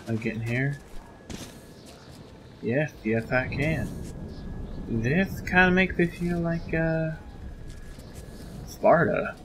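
A man's voice: fairly high pitch, fairly even intonation, slow pace, long pauses. Male let's-play commentator, casual and jokey, easily spooked, noisy background hum. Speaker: gameplay commentator.

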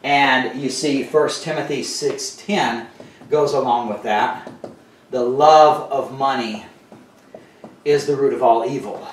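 A man's voice: medium pitch, steady tone, slow pace, echoey room, distant mic, a little hiss or hum. A man teaching verse by verse in a loose, conversational way, full of fillers and asides. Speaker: Bible teacher. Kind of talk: casual Bible teaching.

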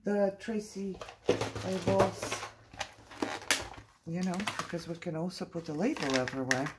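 A woman's voice: fairly low pitch, a little slow, heavy background noise. A middle-aged woman vlogging about her crafts, thinking aloud in a chatty, playfully dramatic way. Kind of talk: casual crafting chat.

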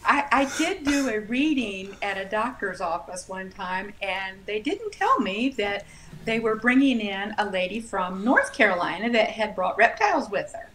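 A woman author chatting casually as an interview guest, telling stories with animated laughs. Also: mid-range voice, normal speed.

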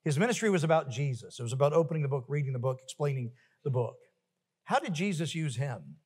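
A male pastor preaching a sermon emphatically, building to forceful refrains. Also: a little high, expressive, fast, breathy edge, big-room sound. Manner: emphatic, rising to forceful peaks with repeated refrains. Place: church sanctuary.

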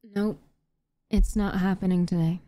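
Young woman, let's play commentary, frequent cursing, warm mellow tone. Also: lowish voice, steady tone, measured pace, no echo. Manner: exasperated, swears constantly. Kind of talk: casual gaming commentary.

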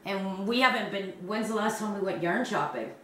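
A woman's voice: mid-range voice, normal speed, bright, forceful tone, a little hiss or hum. Chatty woman in an echoey room. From Canada. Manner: rambling, chatty, laughs often. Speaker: crochet channel host. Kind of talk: casual chat. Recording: roomy, distant mic.

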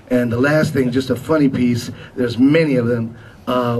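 Distant man telling an animated story. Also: medium pitch. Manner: animated storyteller, acts out quotes. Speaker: musician giving a memorial tribute. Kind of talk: anecdotal speech to an audience. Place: memorial gathering room. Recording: distant mic with faint noise.

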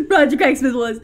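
A woman's voice: very high-pitched, sharp tone. A young woman co-hosting a let's play, giggling and cheering the player on in casual chat. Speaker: co-host watching gameplay. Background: game music.

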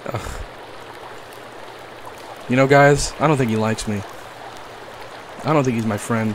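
A young man giving comedic gameplay commentary, playful and crude, swinging from mock-tender talk to yelling and swearing. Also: medium pitch, animated, a little slow, pauses often, a little hiss or hum. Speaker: gaming YouTuber.

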